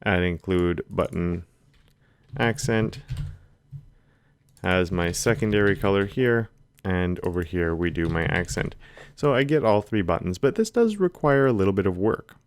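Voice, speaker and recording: A man teaching a screen-recorded coding lesson, calmly talking through the code as he types it. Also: low-pitched, a little slow. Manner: relaxed, talks while typing code. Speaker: coding instructor. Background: keyboard typing.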